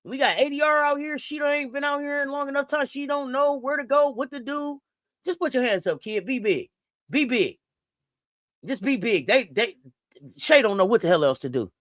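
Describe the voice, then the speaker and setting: Woman calling out players during a live game watch-along, high lively voice, dry close sound. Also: moderate pace, no room sound. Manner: exclamatory, talks straight to the players. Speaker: sports watch-along host. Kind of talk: live game reaction commentary.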